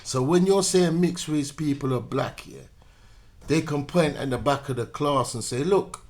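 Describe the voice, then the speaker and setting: A man's voice: mid-range voice, moderate pace, darkish tone. A man giving a preachy opinion monologue, repeatedly checking in with "yeah?". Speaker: commentator.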